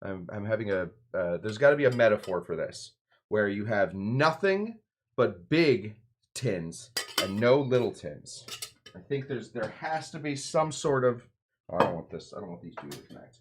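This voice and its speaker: A man's voice: on the low side, big pitch swings, moderate pace, background noise. A bartender hosting a cocktail show, talking loosely and rambling with lots of fillers and asides while he mixes drinks. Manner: rambling, loose, full of fillers and side remarks. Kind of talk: casual cocktail-making demonstration.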